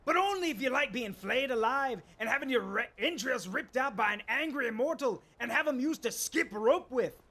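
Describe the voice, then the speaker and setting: A streamer voicing a manic, theatrical male god of chaos from a video game, with drawn-out words and sudden loud outbursts. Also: mid-range voice, expressive, pitched above the performer's own voice. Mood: grandiose.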